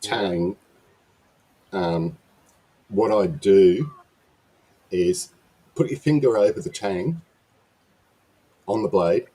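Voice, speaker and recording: A man's voice: lowish voice, lively intonation, drawn-out words, creaky, long pauses, mellow, husky. A man chatting casually, rambling and often restarting his sentences. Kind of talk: casual chat.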